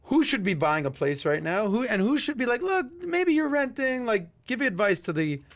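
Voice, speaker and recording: A man co-hosting a podcast, playful and animated in conversation. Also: high voice, a little fast. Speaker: co-host.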